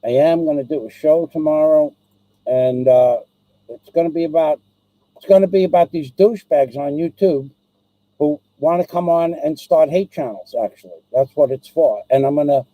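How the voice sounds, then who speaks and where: A man's voice: on the high side, normal speed, no echo, narrow, tinny audio. A man hosting his own live stream, ranting and rambling, swearing constantly and repeating himself.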